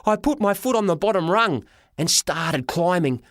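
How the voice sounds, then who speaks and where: A man narrating a children's story as a boy, with a lively, dramatic reading. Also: sits high, moderate pace, no echo, studio quality. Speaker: audiobook reader. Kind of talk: storybook narration in a boy's first person.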